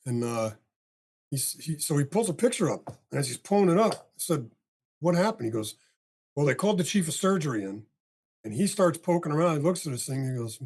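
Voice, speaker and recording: Husky older man telling a story. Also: on the high side, fairly quick. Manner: animated storyteller, acts out dialogue, swears casually. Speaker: podcast guest. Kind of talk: storytelling in a casual interview.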